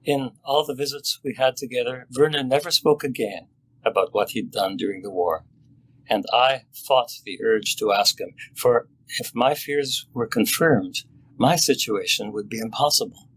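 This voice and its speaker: An older man, a family doctor, reading his own story aloud in a measured, sober and reflective way. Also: medium pitch, fairly bright tone, slight background noise, low-quality recording.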